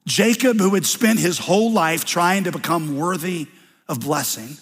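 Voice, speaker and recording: Husky pastor in a reverberant hall. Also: male voice, a little high, normal speed. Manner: conversational, wry storytelling. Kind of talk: sermon.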